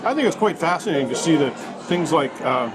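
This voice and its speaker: Set against the buzz of a crowded restaurant, this man speaks briskly with a fairly high, lively voice. He's a food vlogger filming a casual review indoors, eagerly sampling bites mid-sentence.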